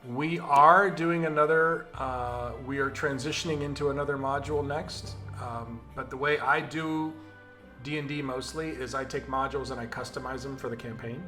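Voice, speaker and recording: Relaxed man narrating a tabletop game. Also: mid-range voice, normal speed, soft background music. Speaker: game master.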